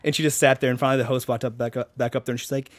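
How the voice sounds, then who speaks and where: A young man talks quickly and casually, rambling through a story with plenty of "like" and easy laughter. His voice sits in a middle register, recorded dry and close with no room sound. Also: mid-range voice, flat delivery, dry recording. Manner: rambling, laughs often, says "like" a lot. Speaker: guest comedian.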